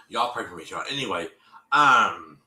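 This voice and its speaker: A man hosting a show, recapping an episode in casual chat, animated and full of fillers, with a cough. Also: lowish voice, roomy sound, background noise. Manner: animated, lots of fillers and repeats, acts out quotes.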